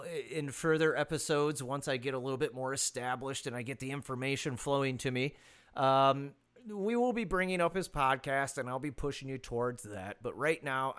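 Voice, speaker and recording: Man, podcast host, rambling casual talk, smooth voice, phone-recorded. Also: medium pitch, a bit bright. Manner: rambling, loose, with many fillers and swearing. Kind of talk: casual solo podcast monologue. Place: rural property.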